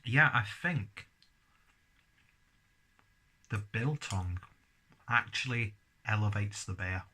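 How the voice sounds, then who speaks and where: A man with a husky, low-pitched voice reviews beer and food in a relaxed, chatty way. His tone is forceful and bright, and he often keeps talking between bites. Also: takes it slowly. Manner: chatty, talks while chewing. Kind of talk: casual tasting review.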